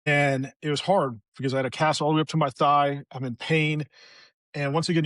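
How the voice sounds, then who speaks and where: Brief: middle-aged male veteran guest, raw and candid, swears freely, voice a bit high, dry close sound. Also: a bit bright, no echo. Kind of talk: candid personal storytelling.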